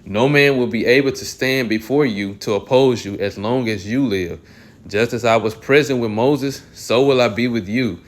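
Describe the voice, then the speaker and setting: A man reads scripture aloud and reflects on it in a sermon-like talk. His voice sits at an ordinary pitch, and he keeps clearing his throat and correcting himself mid-phrase. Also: normal speed. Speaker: Bible teacher. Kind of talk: scripture reading and commentary.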